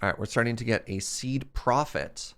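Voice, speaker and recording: A man's voice: mid-range voice, moderate pace, fairly bright tone, smooth. A young adult man thinking aloud in casual commentary while streaming a modded block game. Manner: thinking aloud, rambling and musing.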